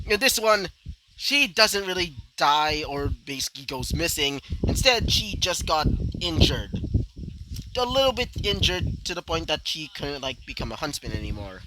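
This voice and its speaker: Casual fan-fiction narrator, male, rambling with asides, bright tone. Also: a little high, a little hiss or hum, low-quality recording. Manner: rambling, filler-heavy, ranting asides.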